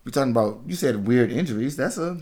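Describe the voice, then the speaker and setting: Speaking quickly at a medium pitch, a man in his thirties who hosts a podcast from Washington, D.C. tells a story in casual chat. He's profane and laughing, and he acts out the story's people with animation.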